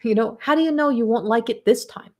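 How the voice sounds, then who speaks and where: A woman's voice: a little high, quick pace, darkish tone. A middle-aged woman, giving a live astrology reading in a chatty way, often repeating herself and acting out inner voices. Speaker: astrology reader.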